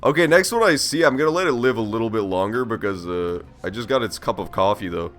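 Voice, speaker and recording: A man's voice: lowish voice, fast talker, a bit bright, soft background music. A man giving casual gameplay commentary on a stream, joking and swearing as he reacts aloud to the game. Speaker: let's play streamer.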